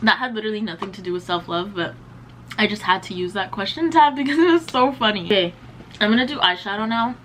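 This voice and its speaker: A woman's voice: mid-range voice, fast talker, fairly bright tone, slight background noise, rough recording. A young woman in her twenties, chatting casually and slangily as a beauty vlogger while doing her makeup. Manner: chatty, slangy, lots of "like" and "bro".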